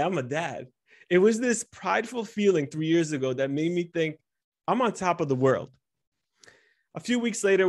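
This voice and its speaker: Candid man telling personal stories. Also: a little high. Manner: candid, vulnerable, animated storytelling. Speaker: speaker teaching instructors. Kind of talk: personal storytelling talk.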